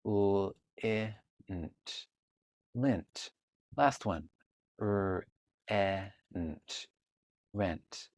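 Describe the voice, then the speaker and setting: A male tutor with a somewhat low voice walks through a reading lesson. He talks patiently and breaks words into their sounds before blending them together, as if a child were following along on screen. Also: darkish tone. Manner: slow, patient, sounding out word parts. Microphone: computer mic, online session.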